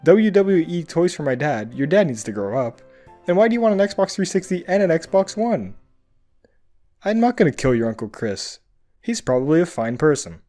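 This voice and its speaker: A man's voice: on the high side, very animated, normal speed, dark tone, faint music behind. A man giving comedic commentary as he reads funny online reviews aloud, with sarcastic, mock-outraged asides. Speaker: comedy YouTuber reading reviews.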